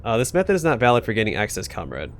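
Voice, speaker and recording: A man's voice: fairly low pitch, huge pitch swings, rapid-fire. A man voicing an officious Soviet bunker computer that speaks stiffly and adds beeps and boops to its lines.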